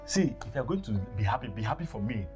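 A man's voice: medium pitch, big pitch swings, music in the background, close to an everyday voice. An actor playing a hot-tempered young man who fakes a kidnapping in a film drama. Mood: excited. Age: young adult. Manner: exasperated, quick to flare up. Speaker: fake kidnapper.

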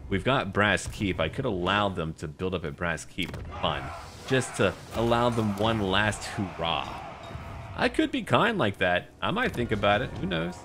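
A man's voice: lowish voice, very animated, normal speed, music in the background. A man giving playful, boastful commentary on a roleplay strategy game campaign and mocking the enemy. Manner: playful, boastful trash-talk of enemies. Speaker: gaming YouTuber.

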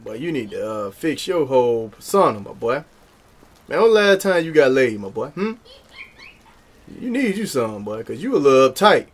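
Joking, slangy young gamer. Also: male voice, mid-range voice, big pitch swings, moderate pace, slightly rough. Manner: joking, slangy, talking back at the game. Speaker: gaming YouTuber. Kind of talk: casual gameplay commentary. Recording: game music playing behind.

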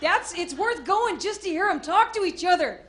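A woman doing a stand-up comedy set on a club stage, bursting into loud acted-out voices and shouts. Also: extremely high pitch, lively intonation, moderate pace. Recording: live club with noisy crowd.

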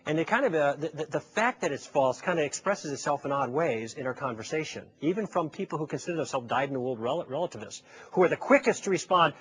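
Man, lecture, storytelling, fairly high voice, husky, persuasive, rhetorical questions. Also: lively intonation, fast talker, few pauses. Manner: storytelling, acting out both sides of a conversation. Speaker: public speaker. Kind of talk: lecture to a live audience.

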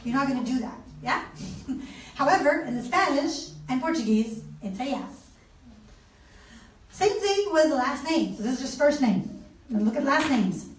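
A woman who does not speak natively gives an animated lecture, asking rhetorical questions and acting out conversations. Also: high voice, moderate pace. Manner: animated, asks rhetorical questions, acts out dialogue. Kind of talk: lively lecture. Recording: echoey room, mic far off.

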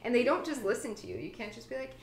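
A woman in casual chat among friends, lively and quick to act out little voices and quotes. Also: on the high side, over a noisy crowd. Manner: animated, acts out quotes and kid noises. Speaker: podcast host. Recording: roomy echo, light background hiss.

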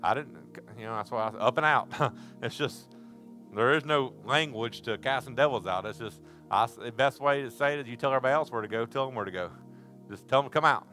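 Bright-voiced preacher man. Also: mid-range voice, quick pace, faint music behind. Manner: folksy storytelling, bursts into shouting. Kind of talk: sermon. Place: church service.

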